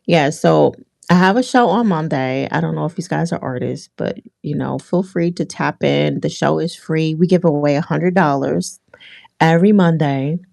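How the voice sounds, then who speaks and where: Low gravelly woman rambling on a livestream, dry close mic. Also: normal speed, a little mellow, dry recording. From Philadelphia area. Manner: chatty, rambling, frequent restarts and fillers. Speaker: livestream host. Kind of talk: casual livestream chat with viewers.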